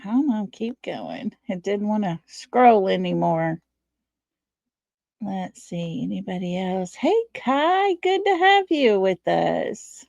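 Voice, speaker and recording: A woman's voice: medium pitch, animated, slow, vocal fry, a little mellow, no echo, lo-fi sound. A tired woman with a Texan accent hosting a casual livestream, chatting folksily and greeting viewers by name. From Texas. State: tired, low on energy. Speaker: livestream host. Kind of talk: casual live-stream chat.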